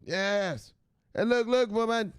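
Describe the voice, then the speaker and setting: Man putting on a high, drawn-out, bellowing crypto zealot hollering at his mama. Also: smooth, no echo, clean studio sound. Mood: hyped shouting. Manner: shouting, hyped, repeating "look, look".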